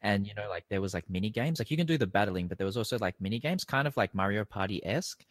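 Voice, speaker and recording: A young man, chatting casually as a podcast guest, rambling with lots of fillers and quick self-corrections. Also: on the low side, animated. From Australia. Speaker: guest actor. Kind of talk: casual chat.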